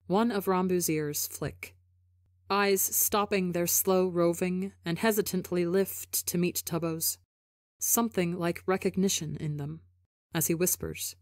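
A woman narrating a fan fiction audiobook in a soft, measured storytelling manner. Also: fairly low pitch, steady tone, dry recording, clean studio sound. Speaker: podcast reader.

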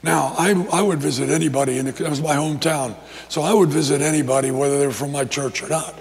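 A male pastor preaching a sermon, telling a story with lively repetitions and restarts. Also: on the high side, fast, vocal fry, long reverb tail, crowd noise.

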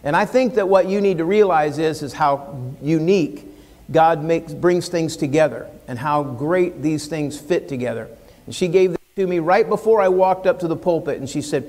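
An American pastor with a fairly high voice preaches from the pulpit in an earnest, folksy way. He stretches some lines out slowly and presses hard on others. His voice hangs in the long reverb of a church sanctuary. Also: darkish tone. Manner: earnest, folksy, with emphatic rises and slow drawn-out lines. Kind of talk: sermon with a read-aloud poem.

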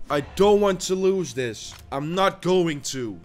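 A young man commentating his own gameplay, swearing constantly and swinging between furious shouts and low muttering to calm himself down. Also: takes it slowly, few pauses. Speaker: gaming YouTuber.

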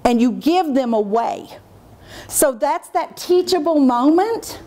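A middle-aged woman presenting a teacher training workshop, lively, and acting out what she says to children in a lowered, measured voice. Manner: animated, acts out what she says to kids in a dropped, measured voice. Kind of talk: workshop lecture.

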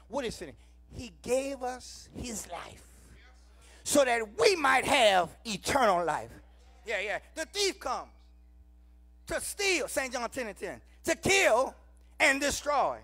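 A man with a Southern US accent preaching a sermon in church, calling out to the congregation, shouting lines and then dropping low. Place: church sanctuary.

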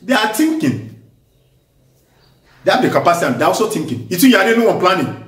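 A man with a Nigerian accent giving impassioned political commentary, forceful and emphatic, hammering points through repetition. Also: high-pitched, big pitch swings, fast talker. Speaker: vlogger. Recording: echoey room, voice distant from mic.

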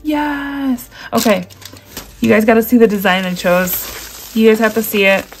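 Excited woman unboxing craft stuff at a table, oh-my-gosh every few seconds, plastic crinkling in the back. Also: mid-range voice, normal speed, a little hiss or hum. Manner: gushing, exclaims often, talks to viewers directly. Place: at a table indoors. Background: crinkling packaging.

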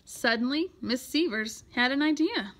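A woman reads a children's picture book aloud in an expressive storytelling voice. Her tone is bright and sits high, with an animated, swooping melody. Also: normal speed, a little hiss or hum. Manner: expressive and lively.

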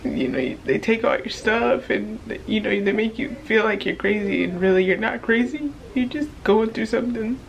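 Emotional young woman vlogging, gravelly. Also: medium pitch, lively intonation, normal speed, few pauses, a little hiss or hum, rough recording. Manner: tearful, rambling, soft at times. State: emotional, near tears. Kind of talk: emotional diary vlog.

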